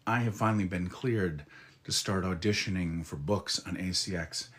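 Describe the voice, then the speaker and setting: A man chatting live with his viewers in a flirty, teasing way, drawing out his words and murmuring softly, while getting over a head cold. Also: deep voice. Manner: flirty, teasing, slow drawl with soft murmurs. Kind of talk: casual live-stream chat.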